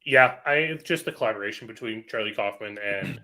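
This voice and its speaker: Bright, enthusiastic young man. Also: lowish voice, fairly quick. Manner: enthusiastic, quotes others in voices. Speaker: podcast co-host. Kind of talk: casual movie chat.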